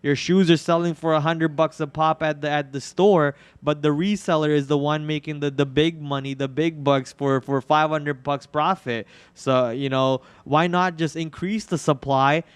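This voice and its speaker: A hoarse man hosting a live trading stream, talking through stock charts in a rambling way with many restarts, on a podcast microphone. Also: a little high, steady tone, moderate pace, hardly any pauses, no room sound. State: hoarse, itchy throat. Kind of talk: live market commentary.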